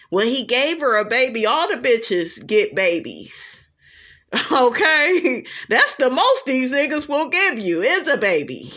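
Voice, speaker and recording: Brief: blunt, profane woman commentator, slow, bright delivery, dull lo-fi recording. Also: a little high. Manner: blunt, profane, keeps asking "okay?". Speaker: reality TV commentator. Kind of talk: casual commentary.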